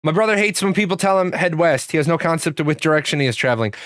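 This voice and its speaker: A man's voice: fairly high pitch, animated, very fast, a bit bright, dry recording, studio quality. A man hosting a livestream, telling a rambling, profane story with many restarts. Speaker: host. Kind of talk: casual livestream chat.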